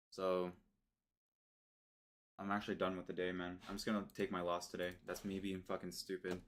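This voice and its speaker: A man's voice: low voice, a bit bright. A young man streaming his day trading live, frustrated and swearing, repeating himself as he talks to viewers.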